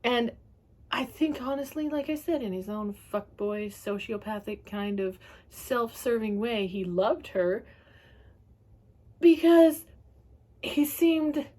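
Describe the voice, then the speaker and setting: A woman's voice: on the high side, expressive, slow, mellow. A woman giving a casual, ranting book review, talking in a chatty, sweary way and laughing often.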